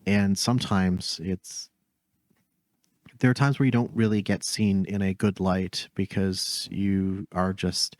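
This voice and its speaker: A man co-hosting a casual podcast, reflecting in a measured, thoughtful way. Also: sits low, little pitch movement, a little mellow, dry recording, clean studio sound. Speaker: podcast co-host.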